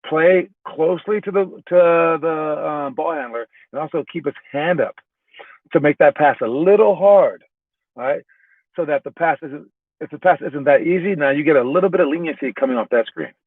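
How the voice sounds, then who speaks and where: A man's voice: fairly high pitch, no room sound. A man who coaches basketball, giving a casual, loose spoken lesson from his car, often checking in with "all right?" and joking at his own expense. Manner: self-mocking. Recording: tinny phone-like, dry.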